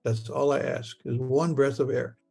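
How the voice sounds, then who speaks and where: A man retelling a personal experience in the first person and the present tense, halting and stammering as he repeats his words. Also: medium pitch, fairly even intonation, creaky, a little mellow, soft background music. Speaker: near-death experience witness.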